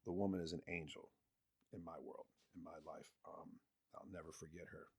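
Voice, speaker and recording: A man telling a personal story as a guest on a podcast, animated, jumping from loud emphasis to hushed asides. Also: low-pitched, fairly quick, vocal fry, slightly rough. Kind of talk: casual storytelling.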